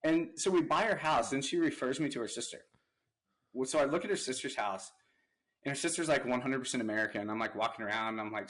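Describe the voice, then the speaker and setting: A man's voice: mid-range voice, fast, a bit bright, poor audio. A young adult man casually telling an anecdote as a podcast guest, rambling with lots of "like" fillers. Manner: rambling, heavy use of "like" fillers. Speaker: podcast guest, real estate investor.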